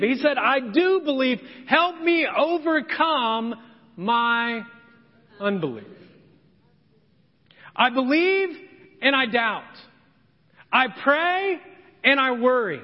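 A man's voice: very high voice, big pitch swings, slow, long pauses. A man preaching a sermon as pastor, dramatic, acting out the voices of the people in his story. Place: church sanctuary. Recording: dull, long church reverb.

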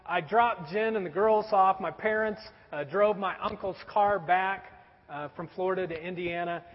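Man, 40s, pastor, high voice, wry conversational sermon, long hall reverb. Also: moderate pace, muffled recording. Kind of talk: storytelling sermon.

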